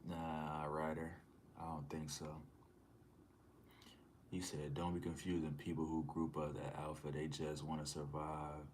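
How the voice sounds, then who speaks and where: A man's voice: a bass voice, flat delivery, a little slow, a little mellow, a little hiss or hum. A man livestreaming, casually chatting with viewers and reading their comments aloud in a laid-back, slangy way. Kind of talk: casual live-stream chat.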